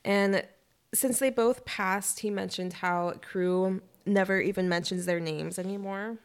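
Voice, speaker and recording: A young woman casually retelling a novel on a chat podcast, animated, with quick asides and lots of "like". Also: medium pitch, smooth.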